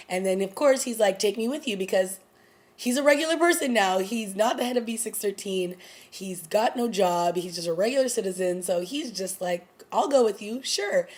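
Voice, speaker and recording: A woman's voice: mid-range voice, a little mellow. A woman in her thirties chatting casually through a TV episode review, exclaiming and acting out quotes. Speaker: TV recap vlogger.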